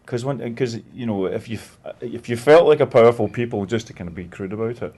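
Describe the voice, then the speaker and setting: A man's voice: medium pitch, a little fast, warm tone. A man co-hosting a talk show, musing aloud and asking long, thoughtful questions. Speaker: co-host. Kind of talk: casual chat and interview.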